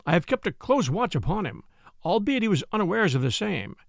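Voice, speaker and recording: A man's voice: sits high, very animated, a little fast, vocal fry, dry recording, studio quality, heavily acted. A man voicing a greedy, pompous, hot-tempered prior in a storybook reading, gloating and quivering with anger.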